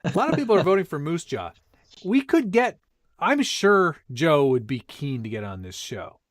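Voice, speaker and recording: A man's voice: on the high side, big pitch swings, moderate pace, dry recording. A man co-hosting a live stream, chatting casually, teasing his co-host and reading viewer comments aloud. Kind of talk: casual chat.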